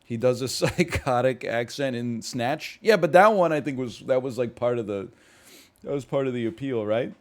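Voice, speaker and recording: Excitable man chatting with his stream. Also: normal speed. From Canada. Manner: reacts to chat, excitable pitch jumps, rambling asides. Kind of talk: casual live-stream chat.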